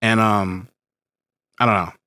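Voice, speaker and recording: A man's voice: on the low side, steady tone, slow pace, pushed and bright, no room sound, studio quality. A man co-hosting a podcast, chatting casually as a parent and wandering off on tangents. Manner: rambling, many restarts and tangents. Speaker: podcast co-host. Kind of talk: casual conversational podcast chat.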